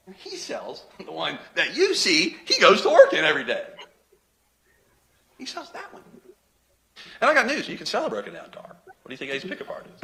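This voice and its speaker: A man's voice: a little high, a bit bright, slight background noise. A man giving a courtroom closing argument to a jury as a prosecutor, emphatic and sarcastic, firing off rhetorical questions.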